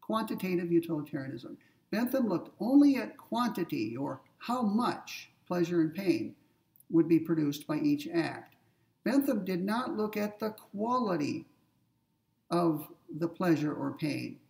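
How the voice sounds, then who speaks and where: A man's voice: high voice, sing-song, a little slow, gravelly, a little mellow, far from the mic. A man giving a philosophy lecture, explaining step by step with everyday examples and checking in with his listeners. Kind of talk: recorded ethics lecture.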